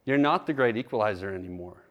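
A man's voice: fairly low pitch, expressive, quick pace, fairly bright tone. A man preaching a sermon, telling a candid personal story in a conversational way. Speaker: pastor.

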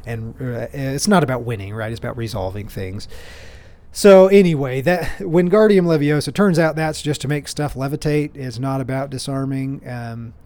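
This podcast host speaks at a medium pitch and ordinary speed, his tone a touch mellow. Alone on his show, he chats loosely, wandering through stories with frequent restarts and self-mocking jokes.

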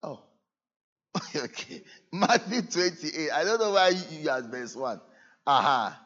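A man preaching a sermon to his church, earnest, moving between loud emphasis and soft asides. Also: fairly high pitch, lively intonation, a little slow, muffled recording. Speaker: pastor. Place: church service.

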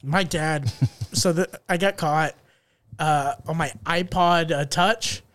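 A young man co-hosting a casual comedy podcast, telling crude stories in an animated way. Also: a little high, slow. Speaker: podcast co-host.

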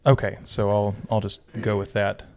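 A man with a low voice talks casually as the podcast co-host who leads the week's Bible study. He jokes dryly and restarts his sentences often. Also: normal speed. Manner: relaxed, dry joking, self-correcting restarts. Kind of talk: casual chat.

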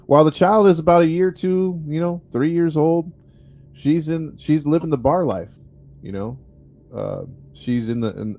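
A podcast host tells a story in casual chat, rambling and wry, with many fillers. His voice is medium-pitched and warm.

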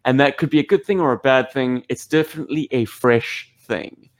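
A man hosting a podcast, talking casually and then making measured announcements. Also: mid-range voice. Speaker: podcast host.

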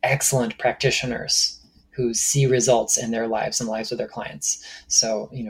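A man's voice: mid-range voice, little pitch movement, normal speed, slightly rough. A man, an author guest on a podcast, explaining his subject in a thoughtful, easygoing way. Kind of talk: casual podcast interview.

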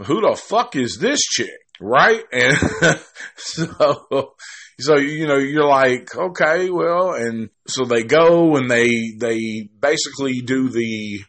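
A man's voice: medium pitch, fairly bright tone. A man giving a casual, rambling film review, cursing freely and restarting his sentences often. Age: adult. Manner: rambling and profane, with many restarts. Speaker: movie reviewer.

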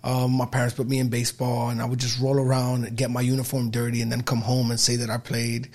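Casting: young New man, gravelly voice, animated storyteller, casual podcast guest. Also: medium pitch, quick pace. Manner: animated storyteller, acts out quotes loudly.

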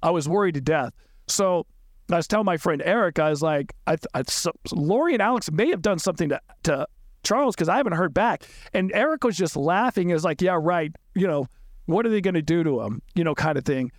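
Middle-aged man, high voice, halting emotional podcast recollection, dry close sound. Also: lively intonation, dry recording. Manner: halting, repeats and restarts words, rises sharply when upset. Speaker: podcast guest recounting events.

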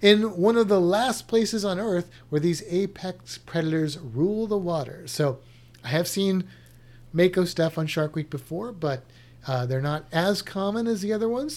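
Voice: mid-range voice, darkish tone. A science educator chatting casually, thinking aloud with restarts and a skeptical tone. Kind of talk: casual chat reacting to a show lineup.

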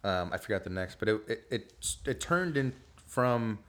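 A man co-hosting a casual movie podcast, rambling and halting, often agreeing and restarting his sentences. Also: on the low side, expressive, fairly bright tone. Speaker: podcast co-host. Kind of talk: casual film discussion.

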